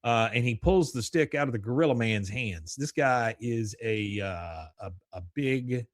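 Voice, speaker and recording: A man's voice: medium pitch, animated, measured pace, dry recording, clean studio sound. A man hosting a podcast, casually recapping an episode in a rambling way and acting out lines as he goes. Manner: rambling storyteller, acts out the lines. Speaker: podcast host.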